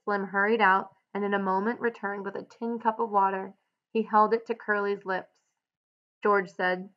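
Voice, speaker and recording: A woman teacher reading a novel aloud and adding clear, explanatory asides for students. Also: medium pitch, level tone, moderate pace, lo-fi sound. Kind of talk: read-aloud with guided annotations.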